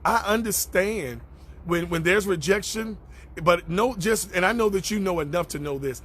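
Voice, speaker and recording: A man's voice: sits high, normal speed, fairly bright tone. A man ministering on a live stream, reading out and answering viewer comments in a preacherly way and repeating phrases for emphasis. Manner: greets viewers by name between thoughts.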